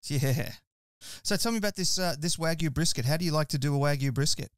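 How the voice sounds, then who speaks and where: A man's voice: on the high side, fast, clean tone, no room sound, studio quality. An Australian man hosting a casual barbecue podcast interview, friendly and chatty. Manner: friendly, chatty, says mate. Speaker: podcast host.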